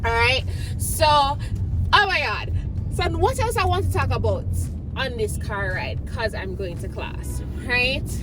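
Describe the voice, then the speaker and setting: A young woman with a Jamaican accent vlogs from a moving car, speaking in a high, bright voice. She chats in a casual, storytelling way and mimics the people she quotes. Loud car and road noise runs under her voice the whole time. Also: animated, unhurried. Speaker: vlogger. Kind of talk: casual chat.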